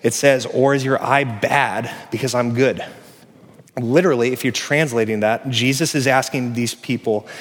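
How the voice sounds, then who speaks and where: A man in his thirties preaching a sermon as a pastor, telling stories conversationally and growing louder and animated on his key points. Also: mid-range voice, normal speed. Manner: conversational, animated storytelling, swells louder on emphasis. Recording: long reverb of a large hall.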